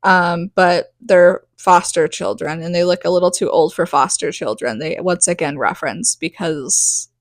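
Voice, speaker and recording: A woman's voice: fairly low pitch, dry recording. A woman in her thirties hosting a podcast, rambling through a casual book recap with lots of "like". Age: 30s. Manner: rambling, full of "like", acts out quick asides. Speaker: podcast host recapping a novel.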